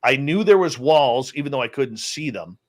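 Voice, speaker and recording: A man's voice: mid-range voice, normal speed. Man telling a story in casual chat. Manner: animated storyteller with many restarts. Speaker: interview guest, radio host.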